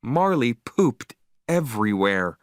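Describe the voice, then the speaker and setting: A man narrating a simple story slowly and clearly for English learners, with an expressive reading. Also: mid-range voice, no echo, studio quality.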